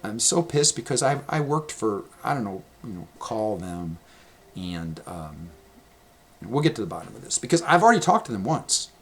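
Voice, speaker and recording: Hoarse, gravelly man ranting. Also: lowish voice, very animated, moderate pace. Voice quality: gravelly, cracking voice. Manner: rambling, exasperated, swearing. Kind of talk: casual vlog storytelling.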